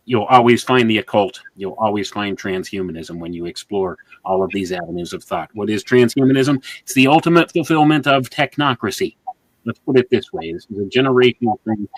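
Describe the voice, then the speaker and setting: A man with a fairly low voice hosts a religious interview, talking in an earnest, preacherly way. He leans on repetition for emphasis. His home mic sounds dry and close. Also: fairly quick, no echo, poor audio. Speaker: host. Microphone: home microphone with adjustable gain.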